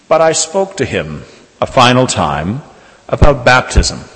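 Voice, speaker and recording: Low-voiced priest preaching in a church. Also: male voice, fairly bright tone. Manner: measured storytelling, slowing for emphasis. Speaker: Catholic priest. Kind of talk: sermon with personal story. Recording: reverberant church hall.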